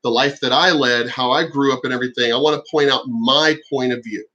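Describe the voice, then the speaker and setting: A man ranting on his own vlog, profane and exasperated, now and then mocking others in shrill voices. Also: fairly even intonation, a little fast, pushed and bright, dull audio. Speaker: channel host.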